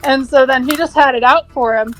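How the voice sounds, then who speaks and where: A young woman with a high voice tells an animated, exasperated story, swearing freely as she goes. It is casual chat among co-hosts, with faint music in the background. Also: brisk, low-quality recording. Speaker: co-host.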